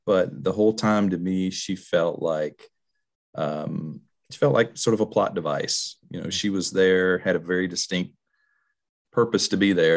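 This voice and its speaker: Deep-voiced man discussing a movie. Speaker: podcast co-host.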